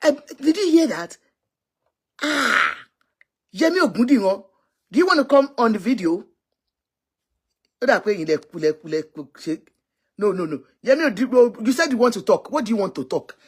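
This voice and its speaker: A woman's voice: mid-range voice, very animated, normal speed, pauses often, slightly rough. A Nigerian woman giving exclamatory, scolding political commentary on a live stream. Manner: scolding, exclamatory, switching languages.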